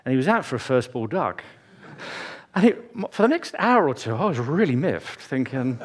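A man's voice: mid-range voice, big pitch swings, moderate pace. A man preaching a sermon in church, telling chatty, jokey stories with asides to the congregation.

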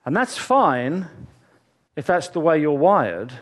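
A man's voice: fairly high pitch, sing-song, slow. A man preaching a sermon in church, telling chatty, jokey stories with asides to the congregation.

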